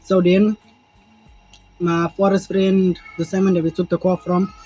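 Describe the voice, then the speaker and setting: A young man with a South African accent tells a story in an animated, rambling way, swearing casually and playing out each moment. His voice sits high and slightly husky. The sound is dull and lo-fi, with faint music underneath. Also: measured pace. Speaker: vlogger.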